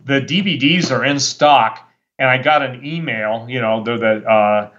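A man's voice: mid-range voice, a little slow, a bit bright, lo-fi sound. A man speaking as a guest preacher on a talk show, worked up and fiery, rambling with many restarts. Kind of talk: impassioned talk-show monologue.

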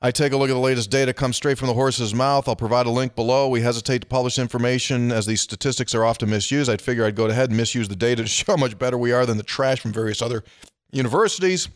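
A man's voice: medium pitch, fast talker, no echo. A man co-hosting a casual sports podcast, telling stories and reading listener emails with dry asides. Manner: storytelling, reads emails aloud with dry asides.

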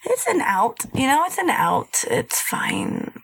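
A woman's voice: fairly high pitch, wildly swooping pitch, takes it slowly, creaky, slightly rough. A woman co-hosting a podcast, talking casually and crudely, joking and dropping into mocking sung bits. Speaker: podcast co-host.

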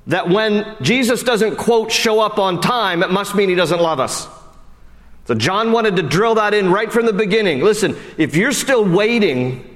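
A man preaching a sermon in a casual, conversational way, climbing high and emphatic, then dropping low and hushed. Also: long reverb tail. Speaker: pastor. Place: church sanctuary.

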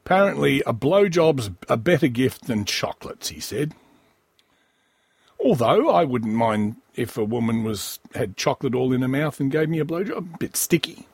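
Wheezy, husky man riffing crudely. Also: medium pitch, expressive, moderate pace, a little mellow, no room sound. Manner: crude, rambling, sardonic, with frequent coughs. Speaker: podcast host. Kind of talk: profane comic riffing on a news story.

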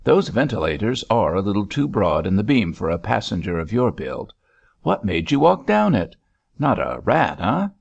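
Guy reading as a wry old ship captain, drawly and gravelly, kinda muffled lo-fi sound. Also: fairly low pitch, sing-song, normal speed, full character voice. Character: gruff older male sea captain, dry humor.

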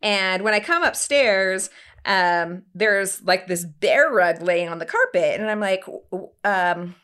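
A woman in her thirties telling a story on a casual podcast in an animated way, full of "like" and acted-out quotes. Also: medium pitch, a little slow, clear, resonant tone. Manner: animated, lots of "like", acts out quotes. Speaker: podcast co-host.

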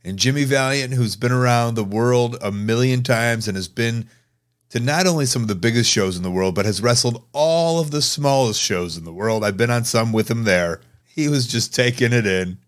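A man's voice: mid-range voice, normal speed. A man hosting a podcast, chatting casually in a laid-back, wry and teasing way. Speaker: podcast host. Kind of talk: casual chat.

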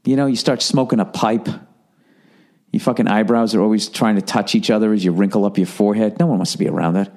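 Fairly low and darkish in tone, this middle-aged man's voice stays steady while moving at a quick pace. He hosts his own podcast as a rambling solo monologue, ranting with profanity and sarcasm and reading listener emails aloud with asides.

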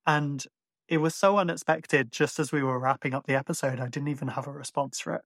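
A man's voice: fairly high pitch, fairly even intonation, fairly quick, fairly bright tone, no echo, studio quality. A man from Ireland with a mixed Irish accent, hosting a podcast and chatting casually with lots of fillers. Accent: Irish, mixed and hard to place. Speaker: podcast host. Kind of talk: casual chat.

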